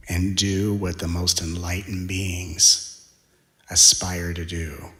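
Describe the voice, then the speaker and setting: A man giving a spiritual talk, speaking in slow, deliberate phrases and dropping to a hushed whisper for emphasis. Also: sits low, level tone, reverberant. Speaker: spiritual teacher.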